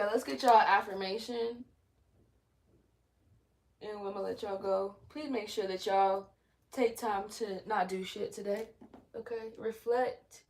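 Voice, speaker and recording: A young woman talks to her viewers from home in a higher-than-usual voice. She swings between blunt, profane jokes and laughter and calmer read-aloud spiritual guidance, like a frank self-help host. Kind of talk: casual spiritual pep talk to viewers.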